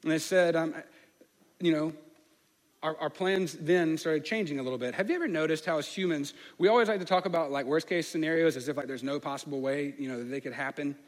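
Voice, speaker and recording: A man with a higher, brisk voice and a slight lisp on some words tells a personal story during a sermon. He speaks candidly with many fillers, and the recording has long hall reverb.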